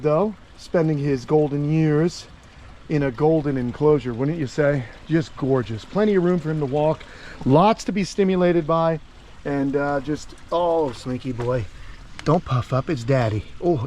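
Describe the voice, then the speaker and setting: A man's voice: on the high side, warm tone, slight background noise. A man hosting a casual backyard vlog, chatty and upbeat, a little out of breath, fondly talking to his animals. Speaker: vlog host. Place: outdoor backyard. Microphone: handheld phone.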